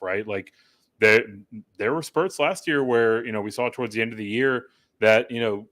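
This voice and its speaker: A man with a low voice talks through sports analysis as a co-host, rambling and packing in "you know" and "right?". His voice sounds close and dry, with no room around it. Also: a bit bright, no echo. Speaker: podcast co-host.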